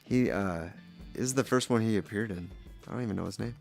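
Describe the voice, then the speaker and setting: Brief: male painter, playful rambling commentary, gravelly fry in the voice. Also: on the low side, brisk, darkish tone, soft background music. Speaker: painter showing his work. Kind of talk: casual commentary.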